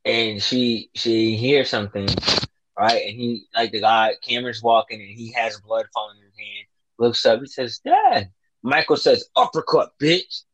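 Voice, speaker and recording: A man's voice: lowish voice, normal speed, poor audio. A man in casual chat, animatedly retelling a horror movie, swearing a lot and acting out the characters' lines. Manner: profane, animated, acts out quotes.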